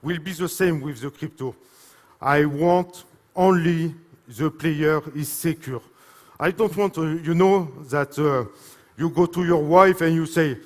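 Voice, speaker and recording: A man with a French accent speaks from a stage at a live event, his voice fairly high for a man and trailing off into a long hall reverb. He is emotional and halting, leaning on fillers and apologizing as he goes. Each phrase rings out through the large room. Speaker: speaker presenting a product.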